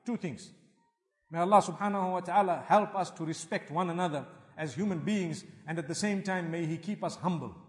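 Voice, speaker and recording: A man preaching with a high, light voice that rises and falls animatedly. He drops Arabic religious phrases into his English. The sound rings with the long reverb of a large hall. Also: fairly quick. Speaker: Islamic preacher. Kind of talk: sermon.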